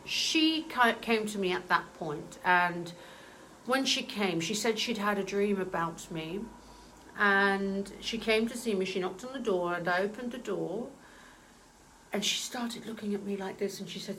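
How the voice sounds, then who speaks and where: A woman's voice: fairly low pitch, moderate pace, fairly bright tone, a little hiss or hum, low-quality recording. A woman, a spiritual medium, telling a story in a casual way, earnest and emotional, with many hesitant ums.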